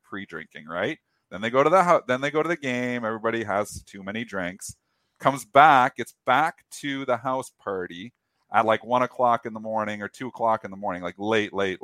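On a market show, the host casually tells a long, funny anecdote, acting out the quotes in an animated way with restarts. His pitch is fairly low, and the recording is dry.

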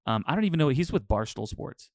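A man's voice: mid-range voice, fast talker, no room sound, studio quality. A man co-hosting a podcast, rambling through stories in casual chat. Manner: rambling, animated storyteller. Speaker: podcast co-host.

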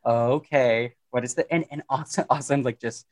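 A man talking as a podcast guest on mental health, casual and animated, joking often and restarting his sentences. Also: mid-range voice, moderate pace. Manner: animated, jokey, lots of fillers and restarts. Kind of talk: casual conversational interview.

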